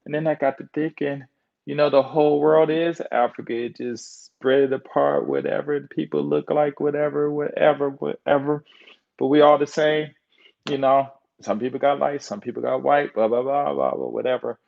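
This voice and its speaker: A man's voice: on the high side, flat delivery, normal speed, vocal fry. A man from the United States talking in a meandering monologue, full of fillers and loose trains of thought. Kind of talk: rambling monologue. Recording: dull lo-fi recording.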